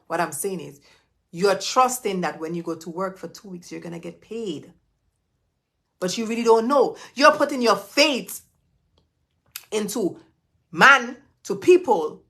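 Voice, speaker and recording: In a low-ish, pushed, bright voice, a woman motivates her live viewers as their business coach, talking straight to them. She is preachy and emphatic, repeating her important phrases twice and occasionally a third time.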